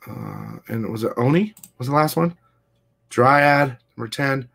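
A man hosting a casual comic book livestream, talking fast and loose, swearing freely and reading viewer comments aloud. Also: medium pitch, vocal fry. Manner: profane, excitable, reads chat aloud. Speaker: comic shop livestream host. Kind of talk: casual live-stream chat.

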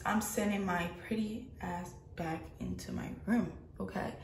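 A woman's voice: lowish voice, creaky, a little mellow, a little hiss or hum. Chatty young woman vlogging on her phone. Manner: chatty, blunt and candid, uses slang. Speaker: travel vlogger. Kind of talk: casual vlog talk to camera. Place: hotel room.

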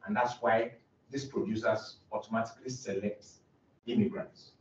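A man's voice: lowish voice, fairly even intonation, normal speed. A young man, a doctoral student, gives an academic presentation in an earnest, explanatory way with frequent restarts. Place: presentation room. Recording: roomy, distant, dull lo-fi recording.

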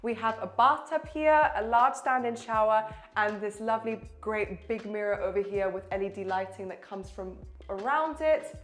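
A woman's voice: mid-range voice, normal speed, hardly any pauses, soft background music. Enthusiastic woman giving a house tour. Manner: enthusiastic, chatty, addresses viewer directly. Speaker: real estate presenter. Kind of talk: property tour walkthrough. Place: inside a townhouse and on its rooftop terrace.

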